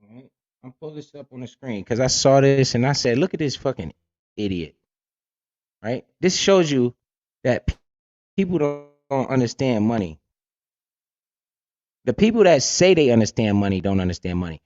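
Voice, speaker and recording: A man's voice: medium pitch, lively intonation, moderate pace, pauses often, a little mellow, no echo, dull audio. A man hosting a casual livestream, talking bluntly with lots of swearing and keeps asking "right?". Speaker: livestream host and crypto investor.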